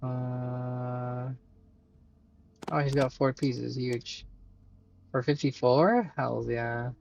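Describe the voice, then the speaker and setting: A man's voice: medium pitch, fairly even intonation, extremely slow, creaky, darkish tone, faint music behind, low-quality recording. Chatty man streaming a game. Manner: chatty, thinks aloud, many fillers and swears. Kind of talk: casual live game commentary.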